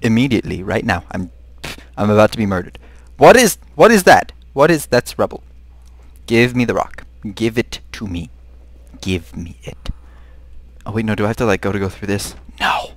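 A young man giving live commentary on a horror game, muttering to himself and breaking into high, panicked shrieks. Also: dry recording. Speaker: gaming video host.

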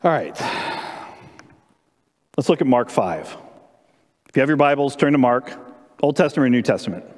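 Brief: lively male pastor, sermon storytelling, big church reverb. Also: medium pitch, normal speed, long pauses. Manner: animated storyteller, asks congregation questions. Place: church sanctuary during live-streamed service.

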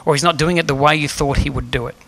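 A man's voice: fairly high pitch, fairly even intonation, fast talker, fairly bright tone. A man preaching a sermon as pastor in a church, earnest and emphatic, asking the room rhetorical questions. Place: church hall.

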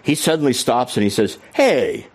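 Animated middle-aged male storyteller. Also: mid-range voice, moderate pace. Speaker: keynote speaker. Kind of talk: storytelling keynote talk.

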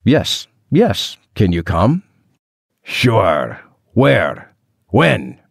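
A man voicing an angry, heavyset male caller with a deep, growling voice and a French accent, curt and interrupting. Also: wildly swooping pitch, extremely slow, creaky, husky, no echo, clean studio sound, full character voice. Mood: gruff.

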